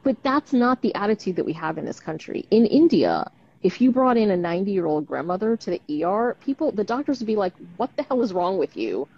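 Over dull, lo-fi live stream audio from a video-call microphone, a woman doctor talks casually and candidly, frequently tacking on tag questions. Her medium-pitched voice has a darkish tone, lively intonation, and a fairly quick pace.

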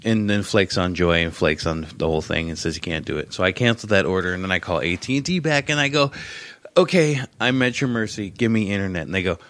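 A man's voice: low-pitched, fast talker, few pauses, fairly bright tone. A man co-hosting a casual chat, telling a long story in a rambling, profane and wry way. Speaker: podcast co-host.

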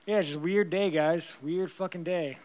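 A fighter answering press conference questions in a blunt, rambling, heavily profane way, laughing often. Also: male voice, fairly high pitch, normal speed, darkish tone.

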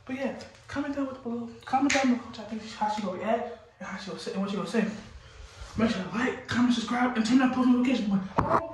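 A man's voice: very high-pitched, racing. A young man talking casually in slang to his camera for a prank vlog, joking and eating. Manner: slangy, playful, talks through bites of food. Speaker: vlogger. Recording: echoey room, noisy phone recording.

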